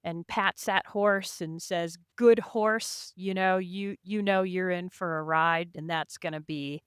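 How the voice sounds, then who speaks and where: A woman's voice: fairly low pitch, fairly even intonation, unhurried, fairly bright tone, clean tone, no room sound, clean studio sound. A woman guest on a podcast, chatting and laughing as she tells about her rides, full of "you know" and "like". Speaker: podcast guest, endurance race rider. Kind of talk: casual interview storytelling.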